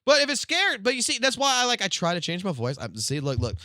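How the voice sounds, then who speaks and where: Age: young adult. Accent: South Louisiana Cajun. Tone: loud, profane rant. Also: male voice, huge pitch swings, fast talker, no echo, clean studio sound. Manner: loud, emphatic and profane, swinging between loud and low-key. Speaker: live streamer. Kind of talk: casual stream rant.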